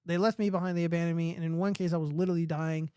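A man's voice: on the high side, flat delivery, very fast, darkish tone, clean tone, dry recording, clean studio sound. A man hosting a livestream, ranting casually and profanely while answering chat. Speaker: livestream host.

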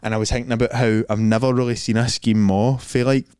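Laid-back young Scottish man, smooth voice. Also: medium pitch, little pitch movement, fast talker, darkish tone, no room sound, clean studio sound. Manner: rambling, laid-back, heavy local slang. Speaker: podcast co-host. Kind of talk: casual chat.

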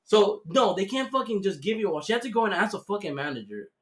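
A man's voice: high-pitched, fast. Male podcast host, casual storyteller, swears constantly, acts out the other people in his stories. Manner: profane, animated storytelling with acted-out voices.

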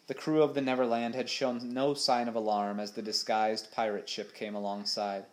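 A man reading a children's adventure novel aloud with steady, expressive storytelling. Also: mid-range voice. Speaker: audiobook narrator. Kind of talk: storybook narration.

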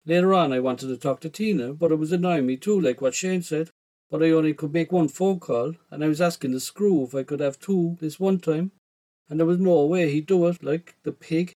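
A man with an Irish accent tells a first-person story, his voice sitting a little high. He talks in rough, slangy street speech as a teenage boy would. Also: dark tone.

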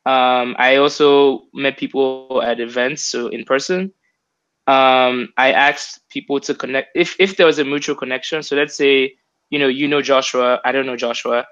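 A man's voice: mid-range voice, steady tone, normal speed, a bit bright, clear, resonant tone. A young man talks casually as an interview guest, circling through his thoughts with plenty of fillers and restarts. His voice sits mid-range, and the recording is slightly dull and lo-fi. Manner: rambling, many fillers and restarts. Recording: dull lo-fi sound.

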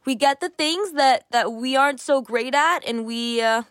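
A woman's voice: sits high, moderate pace, few pauses, a bit bright, dry recording, clean studio sound. A woman in her twenties hosting a solo podcast, talking candidly and reflectively, often restarting her thoughts. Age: 20s. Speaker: podcast host. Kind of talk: casual solo podcast monologue.

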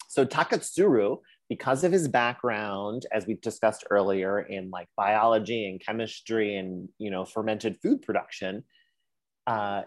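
A man co-hosting a podcast, telling a history story in casual chat, animated and swearing, with sassy put-on voices for quotes. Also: fairly low pitch, no room sound. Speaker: podcast co-host.

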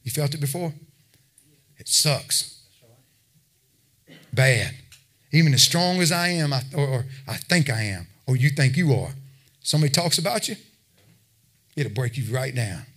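A man's voice: mid-range voice, animated, unhurried, pauses often, fairly bright tone, husky. A man preaching a sermon, talking plainly with his listeners and building to emphatic exhortation. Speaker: pastor.

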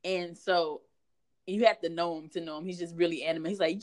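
Woman, guest author; candid, conversational, low-pitched, lots of fillers. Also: steady tone, brisk, a crowd in the background. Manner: frank, chatty, many fillers.

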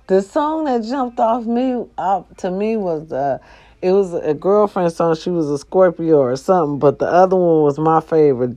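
A middle-aged woman hosts, telling a family story in loose, animated bursts. She swears freely and keeps calling out to her listeners. Her voice sits a little low for a woman. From American South. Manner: animated, profane, talks to listeners as y'all. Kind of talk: casual storytelling.

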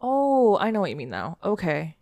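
A woman's voice: mid-range voice, wildly swooping pitch, moderate pace, warm tone. A woman co-hosting a casual podcast, chiming in with short replies and quips. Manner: chimes in with short backchannel replies. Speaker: podcast co-host. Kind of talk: casual chat.

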